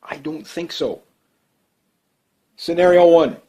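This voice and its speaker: A man's voice: a little high, slow, mellow. A man giving off-the-cuff political commentary, blunt and emphatic, rambling with many fillers and restarts.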